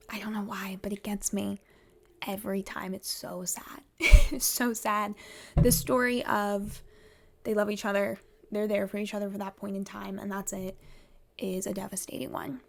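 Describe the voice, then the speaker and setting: A woman vlogging about theatre in a chatty, rambling way, laughing often. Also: medium pitch. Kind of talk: casual vlog chat.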